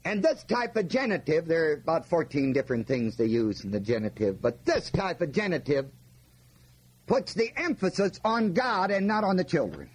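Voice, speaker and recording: A man's voice: a little high, big pitch swings, moderate pace, breathy edge. A man preaching a folksy Bible-teaching sermon, often asking his listeners questions and leaning hard on key words. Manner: folksy, asks the audience questions, stresses words.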